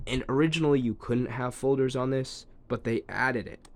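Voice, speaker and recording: A man's voice: mid-range voice, moderate pace. Casual man thinking aloud in a demo. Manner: relaxed, thinks aloud with ums and trailing asides. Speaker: tech reviewer demonstrating a device. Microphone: phone.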